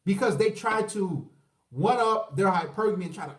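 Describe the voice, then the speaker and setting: A man in his thirties hosting a livestream, ranting with profanity, rambling and mocking voices, giving shout-outs to viewers. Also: sits high, lively intonation, normal speed, distant mic. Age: 30s. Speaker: livestream host. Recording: roomy echo, away from the mic.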